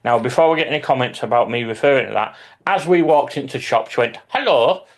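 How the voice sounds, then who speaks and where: A man, a hobby YouTuber, telling lively anecdotes in casual chat with some swearing. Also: mid-range voice, quick pace.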